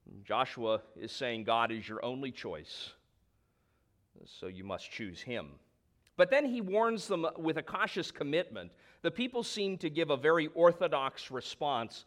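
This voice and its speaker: A man's voice: on the high side, big pitch swings, unhurried, fairly bright tone. A man preaching a sermon, emphatic, stretching key words for stress and dropping in conversational asides. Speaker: pastor.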